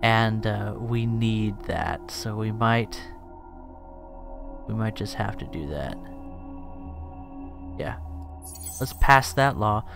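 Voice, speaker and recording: Male streamer, unhurried, wry and self-mocking, game music underneath. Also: lowish voice, animated, creaky. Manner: joking, self-deprecating, thinks aloud. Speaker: let's play streamer. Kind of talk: casual gameplay commentary.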